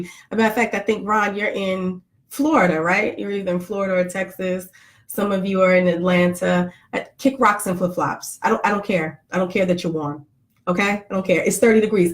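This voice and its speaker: A middle-aged woman vlogger chatting casually to live viewers, joking and greeting them by name. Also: on the low side.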